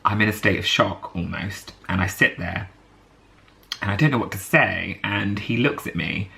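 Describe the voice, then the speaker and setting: A man's voice: sits low, vocal fry, sharp tone. A British man telling a story to camera in a chatty, rambling vlog, laughing often and full of fillers. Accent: British English. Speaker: vlogger.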